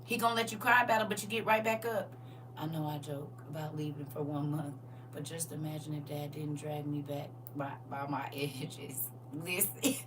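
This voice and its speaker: A woman's voice: low-pitched, fairly even intonation, normal speed, fairly bright tone, recorded from a distance, slight background noise. A woman hosting a casual faith livestream, laughing and talking straight to her viewers while she reads their comments.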